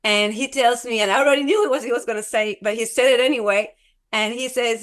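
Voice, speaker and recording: A woman guest telling a personal testimony in an interview, halting and repeating herself, acting out quoted dialogue as she goes. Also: fairly high pitch. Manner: halting, repeats words, restarts often; animated retelling with quoted dialogue.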